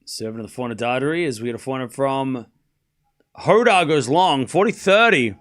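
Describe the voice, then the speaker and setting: A man's voice: medium pitch, expressive, moderate pace, fairly bright tone. A young man casually calling a live tennis match for a stream audience, chatty and self-mocking, stumbling over player names. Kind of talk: casual play-by-play watchalong commentary.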